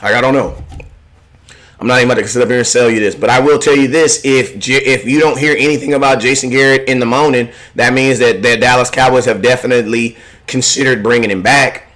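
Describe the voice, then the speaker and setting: A man's voice: medium pitch, fast. A young man hosting a live sports fan stream, talking casually in a rambling, slangy way and often repeating himself. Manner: rambling, animated, slangy, often repeats "you know what I'm saying".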